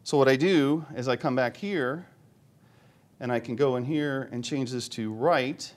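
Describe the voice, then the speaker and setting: With a mid-range voice and a measured pace, a middle-aged man gives a live technical presentation in a conference room. He's chatty and jokey, often asking the audience questions.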